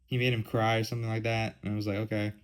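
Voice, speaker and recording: A man's voice: lowish voice, level tone, rapid-fire, rough recording. Rambling young man podcasting. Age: 20s. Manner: rambling, heavy use of "like" and "um". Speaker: podcast host. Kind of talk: casual solo podcast chat.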